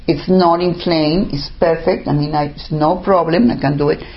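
A woman's voice: deep voice, normal speed, vocal fry, highs cut off. An older woman telling a personal story in casual talk, acting out what others said and filling gaps with "I mean.". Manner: animated, acts out what others said, many "I mean" fillers.

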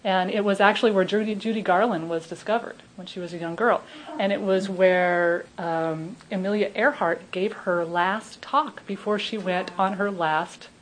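A woman's voice: medium pitch, fairly even intonation, moderate pace, poor audio. A middle-aged woman with a Southern US accent, a minister giving an informal, chatty talk to her congregation. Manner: chatty, laughing, many restarts.

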